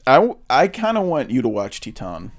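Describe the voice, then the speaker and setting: A male podcast co-host chats casually about films, voicing strong opinions, swearing now and then, and using plenty of fillers. His medium-pitched voice swings hugely in pitch while keeping a moderate pace.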